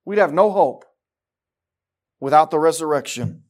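A man with a high-pitched voice preaches a sermon with fervour. He drops to a near hush, then builds to loud, emphatic declarations. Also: lively intonation, a little slow. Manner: fervent, swinging from quiet to loud.

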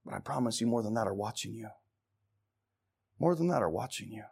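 A man preaching a sermon with passion, firing rhetorical questions, shouting at the peaks and dropping to hushed tones. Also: on the low side, expressive, a little fast, creaky, breathy edge.

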